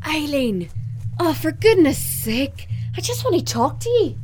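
Exasperated, fussing woman, high and lively. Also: unhurried, over music.

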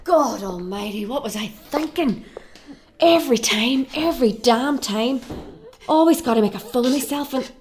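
Actress as an exasperated fussing woman, high voice, TV drama. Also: expressive, normal speed, a little mellow, natural voice.

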